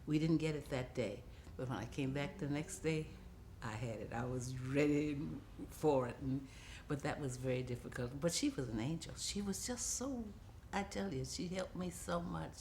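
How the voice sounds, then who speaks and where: A woman in her seventies from the United States, an actress reminiscing in an interview, animated and laughing often as she tells stories. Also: deep voice, normal speed, slight background noise. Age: 70s.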